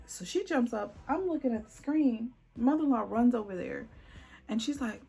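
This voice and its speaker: A woman's voice: a little high, expressive, moderate pace, creaky, warm tone, husky, faint music behind. A woman telling a dramatic personal story on her vlog, acting out the voices of the people in it. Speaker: vlogger.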